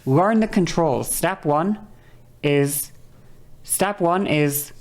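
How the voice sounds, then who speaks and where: A woman's voice: extremely slow, a little mellow. A woman streamer explaining vocal control in casual, rambling talk, swearing freely and checking in with "okay" often. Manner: demonstrates voice changes with whispery and high vocal sounds.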